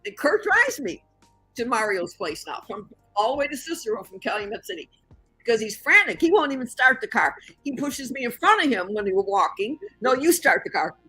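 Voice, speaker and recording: Husky older woman telling a story. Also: on the high side, fairly quick, soft background music, poor audio. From Chicago area. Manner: animated storyteller who acts out the voices in her story. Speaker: interview guest. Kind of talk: storytelling in an interview.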